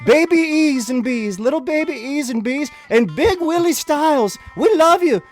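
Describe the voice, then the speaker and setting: Male comic doing a high, doting kids'-show host with a thick Southern drawl; overly sweet, drawn out. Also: animated, normal speed, soft background music. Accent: South Carolina (put on).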